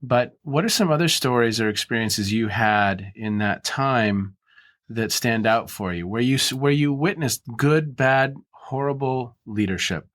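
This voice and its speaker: A man hosting a podcast interview who reflects out loud and then asks the guest a question. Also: medium pitch, a little slow. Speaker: podcast host. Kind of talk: interview conversation.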